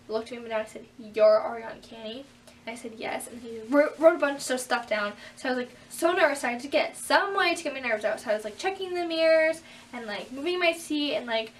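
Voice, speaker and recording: A teenage girl telling a story in a casual vlog, animated and acting out what people said. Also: distant mic, slight background noise. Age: teens. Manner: animated, acts out quotes with big pitch jumps. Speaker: vlogger.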